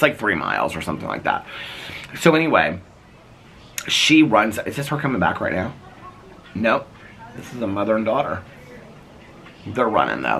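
A man in his fifties rambles through stories in a casual vlog, his low voice gravelly yet bright. His delivery swoops up and down with lively expression as he meanders from one tangent to the next. Faint outdoor ambience with birds sits quietly behind him. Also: slight background noise. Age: 50s. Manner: chatty, meandering storyteller who laughs often. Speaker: vlogger. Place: outdoors in a residential neighborhood.

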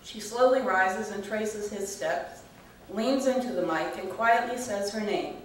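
A middle-aged woman reading her personal essay aloud at a student reading, measured and calm. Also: mid-range voice, a little hiss or hum. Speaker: MFA student reader. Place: reading venue hall. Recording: echoey room from far off.

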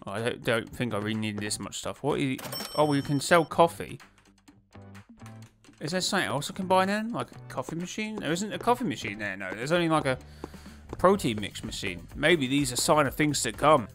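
Guy chatting away over gameplay, excitable, mid pitch, faint music behind. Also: fairly quick. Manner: chatty, excitable, self-talking with laughs. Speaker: gaming YouTuber. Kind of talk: casual gameplay commentary.

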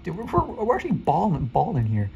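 Male gaming creator, live commentary, excitable, lively pitch, mellow tone, chatty with viewers. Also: gravelly, highs cut off, soft background music. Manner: excitable, rapid-fire repeated urging; chatty, addresses viewers directly.

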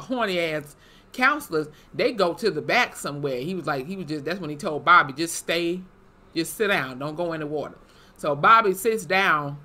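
A young woman casually recapping a TV episode, animated and profane, with lively asides. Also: sits low. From Wisconsin, USA. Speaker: YouTube TV reviewer.

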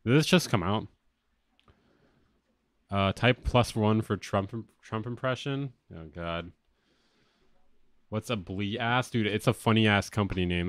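A man with a lateral lisp chatting casually on a livestream from a home studio, loose and excitable and swearing often. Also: lowish voice, no echo. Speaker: music producer streamer.

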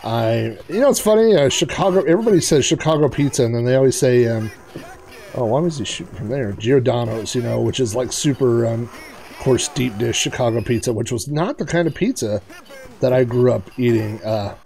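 Hosting a retro gaming video, a man talks briskly in a creaky, medium-pitched voice, excitedly commenting on the gameplay in a casual way and chatting to the on-screen players.

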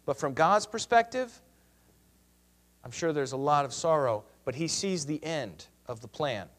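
High-voiced man teaching scripture dramatically. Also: a little slow. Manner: expressive, dramatic readings with sudden loud and hushed turns. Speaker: Bible teacher. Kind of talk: lecture with scripture reading.

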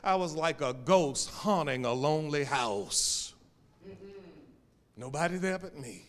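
A male pastor preaching a sermon, swinging between loud calls and hushed, drawn-out lines. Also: fairly high pitch, lively intonation. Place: church sanctuary. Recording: reverberant church sanctuary.

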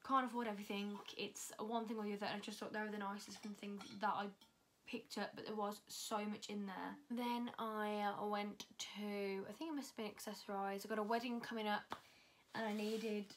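A woman's voice: mid-range voice, level tone, brisk, slight background noise. A young woman chatting casually through a fashion haul, talking freely and swearing often. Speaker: fashion vlogger.

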